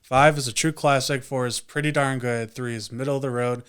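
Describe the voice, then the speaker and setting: A man's voice: mid-range voice, fairly even intonation, a little fast, fairly bright tone, clear, resonant tone. A man co-hosting a casual movie review chat, talking in a laid-back way. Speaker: podcast co-host.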